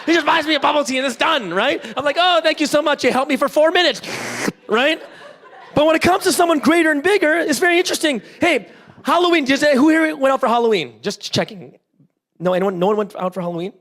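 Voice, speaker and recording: A man's voice: very high voice, quick pace. A man from Canada, preaching an interactive sermon. He tells stories with gusto, acts out small voices, puts questions to the congregation and keeps checking in with "right?". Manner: animated storytelling, constantly checks in with "right?". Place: church service.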